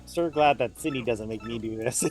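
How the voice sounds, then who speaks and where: A man's voice: mid-range voice, normal speed, darkish tone, soft background music. A man co-playing a video game, rambling casually and laughing at his own jokes. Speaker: co-player. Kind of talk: casual gaming chat.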